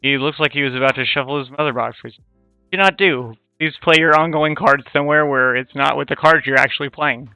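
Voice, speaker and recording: A man chatting as co-commentator on a card game tournament, talking in a halting, hesitant way. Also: a little high, bright, forceful tone, clean tone, no room sound, soft background music, rough recording.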